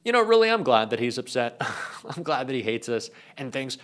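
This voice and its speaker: Animated sarcastic male commentator. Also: medium pitch, normal speed. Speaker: political commentator. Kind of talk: online commentary video.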